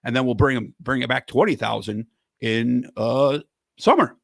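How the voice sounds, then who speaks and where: A man doing a rough impression of a former male US president, in an offhand politician's way. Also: mid-range voice, moderate pace, a bit bright, dry recording, pitched below the performer's own voice. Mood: smug.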